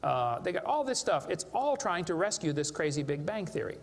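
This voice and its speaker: Speaking a little fast in a high, very animated voice, a creationist presenter jokes and hammers home points to a live crowd. The talk takes place in a large hall, recorded with echo and faint background noise.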